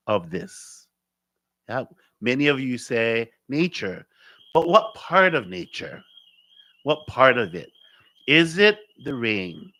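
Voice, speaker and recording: Man from Hawaii, teacher at a spiritual gathering, animated delivery, repeats his key words, dry close recording. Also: medium pitch, dry recording. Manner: lively, repeats key phrases, acts out dialogue. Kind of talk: spiritual talk with storytelling.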